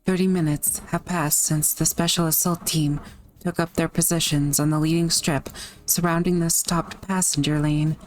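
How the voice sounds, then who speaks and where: A woman's voice: low voice, darkish tone. A young woman who just woke up, chatting with lots of fillers and then reading a game story aloud. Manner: chatty and rambling, many fillers, hesitant. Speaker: story reader.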